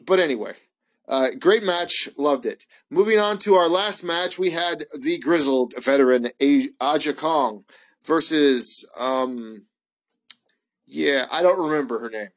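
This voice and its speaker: Casual solo host, male, slightly high voice, swears a lot, rambles with many ums. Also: a little slow. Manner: profane, excitable, rambling with many fillers. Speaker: wrestling podcast host.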